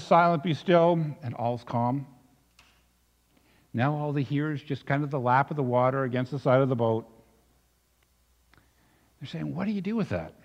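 Guy pastor giving a sermon, slightly high voice, goes quiet then builds up, dull recording with long church reverb. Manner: reflective, dropping soft then rising emphatic.

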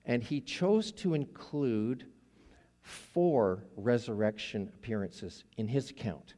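Male guest preacher, unhurried, warm dark tone, storytelling sermon delivery. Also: medium pitch. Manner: slow, deliberate storytelling with dramatic pauses.

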